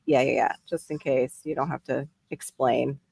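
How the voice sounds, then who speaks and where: A woman's voice: very deep voice, fairly even intonation, moderate pace, gravelly, darkish tone, a little hiss or hum. A woman hosting a casual livestream, chatting and greeting viewers from the chat as she reads it. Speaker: livestream host. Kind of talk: casual live-stream chat.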